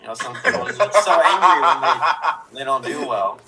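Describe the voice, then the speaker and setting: Soft-spoken male guest, distant mic, clear crowd noise behind. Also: fairly high pitch, expressive, normal speed. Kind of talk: casual chat.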